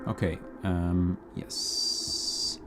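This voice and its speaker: A man producing music on a live stream, chatting in a relaxed, rambling way with viewers between playing. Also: low-pitched, extremely slow. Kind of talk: casual live-stream chat.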